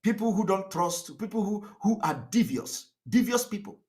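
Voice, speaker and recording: A man's voice: high-pitched, lively intonation, normal speed, a little mellow. A man giving a combative, mocking live political broadcast, laughing at his critics. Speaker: activist broadcaster.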